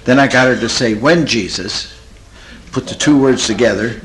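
A man's voice: mid-range voice, fast, rough recording. Folksy man telling a counseling story. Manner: folksy, earnest, animated retelling. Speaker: Christian therapist. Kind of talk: storytelling talk.

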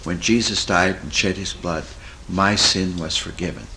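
A man's voice: low-pitched, moderate pace, a little hiss or hum, poor audio. A Christian therapist, a man, tells a story from his practice in a folksy, earnest way. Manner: folksy, earnest, animated retelling. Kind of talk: storytelling talk.

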